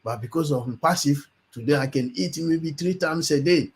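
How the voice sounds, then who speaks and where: A man's voice: fairly high pitch, normal speed. A man giving an earnest testimonial on a live webinar, repeating phrases for emphasis.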